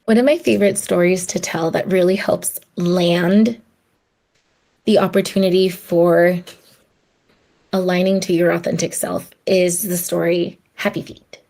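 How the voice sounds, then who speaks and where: Low-ish and gravelly with a warm tone, this woman speaks a little slowly with fairly even intonation. On her own podcast she reflects in a heartfelt, chatty manner, acting out quoted voices.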